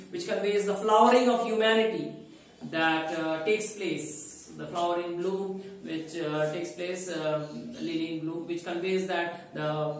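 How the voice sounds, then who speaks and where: A man with a high voice gives a line-by-line poetry lecture, explaining repetitively and stressing key words. He sounds far from the mic in an echoey room with slight background noise.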